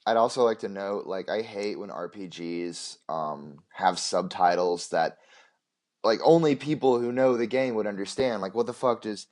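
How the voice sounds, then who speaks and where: A man's voice: fairly low pitch, moderate pace, a little mellow. A man co-hosting a casual game podcast, rambling with many restarts and casual swearing. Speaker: podcast co-host. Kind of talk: casual chat.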